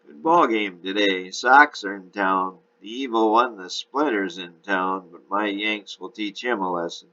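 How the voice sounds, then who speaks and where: A man's voice: on the low side, measured pace, few pauses, pushed and bright, highs cut off. A man reading aloud and voicing a brash, talkative New York taxi driver.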